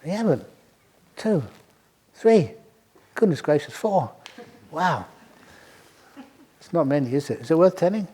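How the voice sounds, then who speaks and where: A man's voice: fairly high pitch, very animated, unhurried, long pauses, mellow, slightly rough. An older man, a monk, giving a dharma talk to a retreat audience, telling a humorous story and often chuckling. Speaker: monk teacher.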